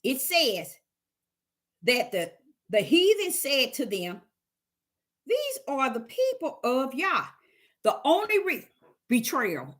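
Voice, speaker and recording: A woman's voice: sits high, big pitch swings, slow pace, long pauses, fairly bright tone. A woman teaching the Bible on a livestream, emphatic and repetitive, firing rhetorical questions at her chat.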